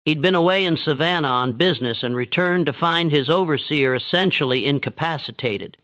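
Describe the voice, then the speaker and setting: Man narrating a dark historical tale. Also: on the high side. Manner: steady, measured storytelling. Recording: dull, dry, lo-fi sound.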